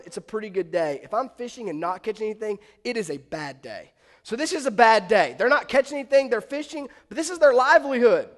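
A man's voice: high voice, in a large hall. A male pastor preaching a sermon in a conversational storytelling manner, asking the congregation questions along the way.

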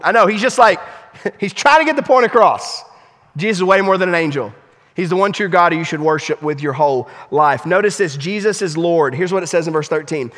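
A man preaching a sermon as pastor, emphatic, swinging between raised urgent lines and hushed low stresses. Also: long reverb tail. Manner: emphatic preaching with sweeping pitch and volume swings, drops to near-hush for stress.

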